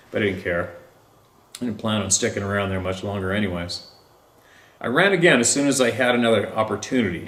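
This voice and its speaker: Low-voiced man narrating slowly in a roomy space. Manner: slow, deliberate reading with drawn-out pauses. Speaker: story narrator. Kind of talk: scripted narration of a first-person encounter story.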